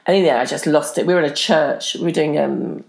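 Fast-talking blunt woman. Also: low-pitched, vocal fry, darkish tone, roomy sound. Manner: blunt, direct. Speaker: podcast co-host, actor. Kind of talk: casual chat.

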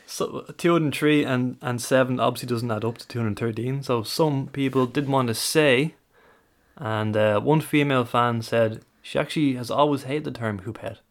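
Measured Irish man reading poll results. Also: medium pitch. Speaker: podcast co-host. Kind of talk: casual chat.

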